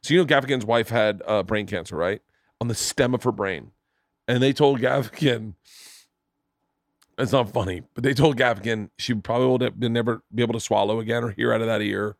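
A man hosting a podcast in casual chat, telling long jokes with lively voices and swearing freely. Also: medium pitch, fairly quick, vocal fry, no echo, clean studio sound. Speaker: podcast host.

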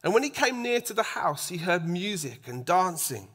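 A man preaching a sermon, acting out the voices in the story and dropping to a soft hush for emphasis. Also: high voice, moderate pace. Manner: animated, acts out quoted voices, drops to a soft hush for emphasis.

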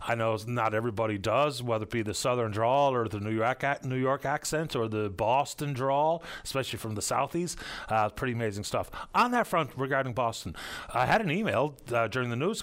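A man's voice: medium pitch, fairly bright tone. A man hosting a call-in radio show, chatty and easygoing, thinking aloud. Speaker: radio talk show host.

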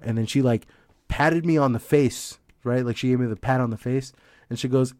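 A man's voice: mid-range voice, moderate pace, a little mellow, a little hiss or hum. A young man chatting casually on a podcast, telling rambling, profane stories and laughing often. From Mexican heritage. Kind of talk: casual chat.

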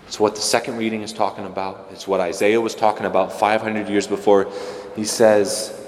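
Low-voiced male priest, easygoing homily with jokey asides, recorded in a reverberant church. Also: flat delivery, fairly quick, darkish tone, a little hiss or hum. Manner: conversational, joking asides with playful mimicry. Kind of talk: casual homily.

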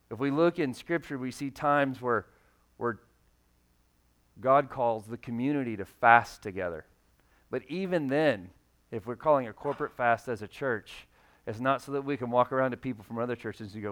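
A man delivering a sermon from the pulpit in a relaxed, conversational manner. His voice sits at a middle pitch, and he reads scripture aloud and sometimes acts out the people he quotes. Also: moderate pace, pauses often. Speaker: pastor.

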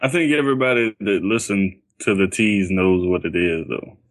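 A man's voice: deep voice, normal speed. A young man co-hosting a podcast in a laid-back, dry way, laughing easily. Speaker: podcast co-host. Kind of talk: casual podcast chat.

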